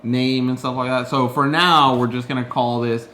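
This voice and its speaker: A man's voice: medium pitch, steady tone, moderate pace, bright, forceful tone, slight background noise. Laid-back man, echoey room. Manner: laid-back, loose, casually profane. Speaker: podcast co-host. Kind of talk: casual chat.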